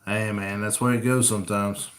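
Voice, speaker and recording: A coon hunting channel host runs a casual live-stream Q&A on a camera rig mic, chatting easily and reading viewer comments aloud. His voice is lowish and flat, and he talks fairly quickly.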